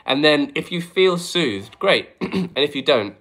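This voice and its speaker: A man chatting casually in his flat on a live stream, reading out viewer comments with dry, joking asides. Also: a little high, a little slow. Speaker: musician hosting a live stream. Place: home flat, indoors.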